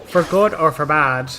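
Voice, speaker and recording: A man's voice: on the high side, sharp tone, rough recording. A young man hosting a gaming channel, explaining his game strategy in a chatty, casual way full of "like". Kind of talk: casual gameplay commentary.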